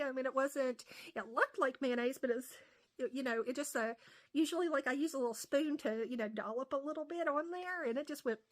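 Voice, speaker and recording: A woman's voice: high-pitched, a bit bright. A woman from West Virginia with an Appalachian accent, telling a casual story full of fillers and restarts. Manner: rambling, many fillers and restarts. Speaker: comedian vlogger.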